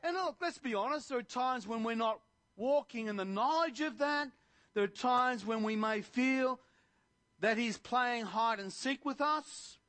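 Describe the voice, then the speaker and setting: Very high-pitched, bright preaching man. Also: a little slow. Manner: impassioned, rising to emphatic proclamations. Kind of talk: sermon.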